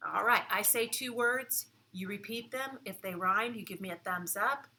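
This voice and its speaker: A woman teaching preschoolers in a classroom, speaking clearly and instructively, one step at a time. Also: medium pitch, moderate pace, pushed and bright. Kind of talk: children's lesson.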